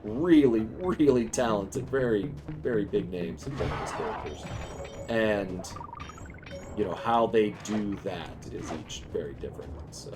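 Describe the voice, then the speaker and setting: A man's voice: fairly low pitch, animated, measured pace. A man who voices game characters chats casually and in a rambling way while streaming a game, and he laughs often. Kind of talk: casual chat while gaming. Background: game music.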